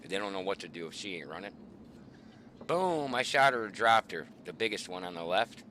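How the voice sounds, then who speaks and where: A middle-aged man, the host, casually telling hunting stories in a profane, animated way. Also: deep voice, fast, a little hiss or hum. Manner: profane, animated, swearing often. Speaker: show host.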